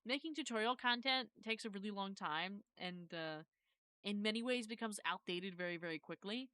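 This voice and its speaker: A woman live-streaming, chatting casually as she walks viewers through steps and keeps correcting herself. Her voice is bright and crisp. The sound is close and dry. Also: medium pitch, moderate pace, dry recording. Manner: rambling, self-correcting, thanks viewers. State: has hiccups.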